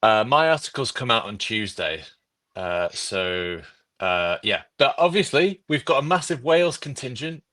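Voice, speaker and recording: A man's voice: medium pitch, big pitch swings, unhurried, sharp tone. A man from Yorkshire, a guest football writer, chatting casually with wry jokes and many fillers. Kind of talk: casual podcast chat.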